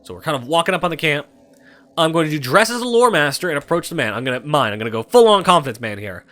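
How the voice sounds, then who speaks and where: Lively, high-voiced young man gaming. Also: fast. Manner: animated, irreverent, swears freely. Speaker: gameplay commentator. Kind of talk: let's-play commentary.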